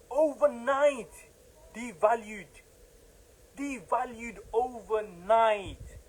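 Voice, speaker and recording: A man delivering a fervent religious talk in a notably high voice. He hammers his points with repetition and builds into heated, emphatic bursts. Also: rough recording. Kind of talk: impassioned religious lecture.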